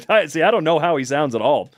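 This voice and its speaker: A man's voice: on the high side, big pitch swings, normal speed, no echo, studio quality. A tired man chatting casually on a livestream, reading the chat, rambling and swearing a lot.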